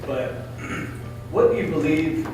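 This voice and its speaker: A man from the audience asks a hesitant, halting question. He is heard from far off in a strongly echoing hall. Music plays clearly behind him. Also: on the high side. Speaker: audience member asking a question.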